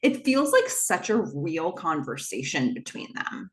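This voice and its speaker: A woman's voice: low voice, sing-song, unhurried. A woman hosting a podcast, chatting enthusiastically as she recaps a TV episode and acts out bits of its dialogue. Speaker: podcast host.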